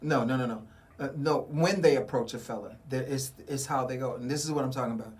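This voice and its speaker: Male radio host, casual chat, animated storyteller who plays every part. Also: mid-range voice, fast. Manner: animated storyteller acting out dialogue. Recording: community radio studio.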